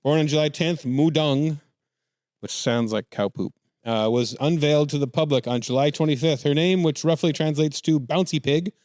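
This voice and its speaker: A man's voice: fairly high pitch, normal speed, a little mellow, no echo, clean studio sound. A man hosting a comedy podcast, reading news stories aloud and dropping wry, jokey asides. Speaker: podcast host.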